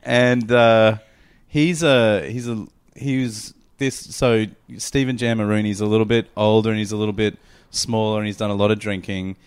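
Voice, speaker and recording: A man's voice: lowish voice, fairly even intonation, normal speed, clean tone. A man on a podcast, telling a rambling story with lots of laughter. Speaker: podcast co-host. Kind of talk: casual comedy chat.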